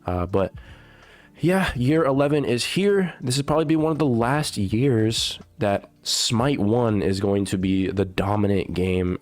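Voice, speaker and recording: A man's voice: lowish voice, dry recording. A man with a sick, stuffy voice giving a casual, rambling patch-notes commentary as a gaming YouTuber, full of fillers and swearing. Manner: rambling, filler-heavy and profane.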